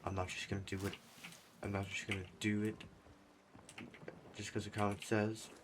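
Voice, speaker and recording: A man's voice: lowish voice, monotone, normal speed. A man chatting casually over his gameplay as a gaming YouTuber, rambling and self-deprecating. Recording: clear keyboard typing noise behind. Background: computer keyboard typing.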